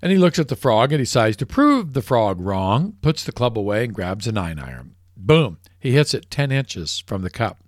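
A male radio host spinning a joke with a lively, swooping delivery in a mid-range voice. The sound is close and dry. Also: medium pitch, normal speed, hardly any pauses, no echo.

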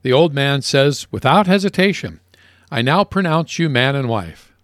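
A man's voice: medium pitch, animated, normal speed, fairly bright tone, no echo, clean studio sound. Playful man telling radio jokes. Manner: playful joke-telling, laughs at own jokes. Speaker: radio show co-host.

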